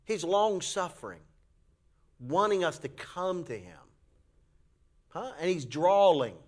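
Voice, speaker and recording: A man preaching a sermon, telling a folksy story with animated voices for the people in it. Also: slow. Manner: folksy, animated storytelling with acted high-pitched quotes. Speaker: pastor.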